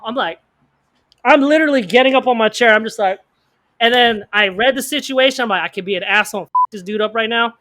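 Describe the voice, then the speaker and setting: A man co-hosting a podcast, telling a story in casual slang, animated and acting out the people in it. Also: very high-pitched, a little hiss or hum. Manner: fast bursts of speech, slang-heavy. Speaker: podcast co-host.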